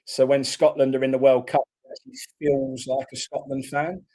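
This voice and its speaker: Man, football watchalong host, blunt casual chat, loud reactions to play. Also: medium pitch, level tone, moderate pace, husky. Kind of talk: casual live match reaction.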